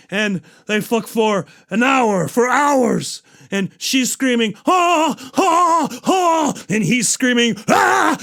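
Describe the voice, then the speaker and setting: A man with a fairly high speaking voice runs a loose, swearing-heavy recap of a film's plot. He rambles casually from one scene to the next as the show's host. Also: fairly bright tone. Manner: rambling, profane storytelling. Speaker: podcast host.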